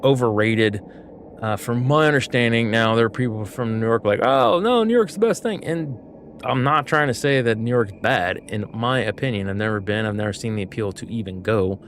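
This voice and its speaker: A man's voice: on the low side, steady tone, fairly quick, fairly bright tone, a little hiss or hum. A man from the United States, a gaming streamer, chatting casually and rambling with lots of fillers while he plays. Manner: rambling, filler-heavy, easygoing.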